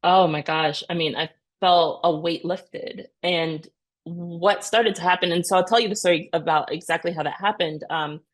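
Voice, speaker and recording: A woman in her thirties, a podcast guest telling her story with earnest, animated energy. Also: on the low side, moderate pace. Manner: earnest, animated retelling with many "you know" and "right?". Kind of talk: conversational interview storytelling.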